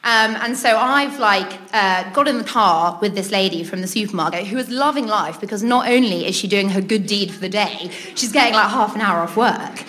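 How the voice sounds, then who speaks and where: Bright, giggly woman telling a story. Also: mid-range voice, moderate pace, few pauses. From Britain. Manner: chatty, giggles between lines, many ums. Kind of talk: comic personal anecdote.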